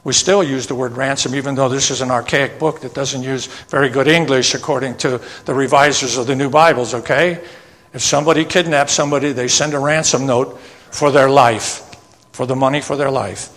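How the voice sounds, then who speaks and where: A man preaches from the pulpit of a church sanctuary, his voice carrying a long hall reverb. He reads scripture verses slowly and breaks off into plain, homely explanations. His pitch sits in an ordinary middle range. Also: fairly even intonation, fairly bright tone. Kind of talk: sermon with scripture reading.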